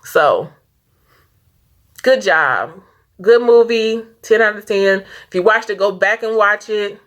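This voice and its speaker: A woman's voice: mid-range voice, animated, slow pace, a bit bright. A woman vlogging a casual movie review, earnest and rambling, fighting back tears as she talks. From Saint Louis area. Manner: earnest, rambling, stops and restarts often. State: tearful, fighting back crying.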